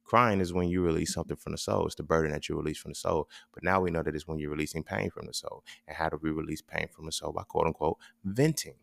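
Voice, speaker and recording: A man's voice: extremely low pitch, fairly even intonation, fast, gravelly, hardly any pauses, fairly bright tone, dry recording. A man hosting a podcast in a casual monologue, rambling and profane, checking in with "right?" between thoughts. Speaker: podcast host.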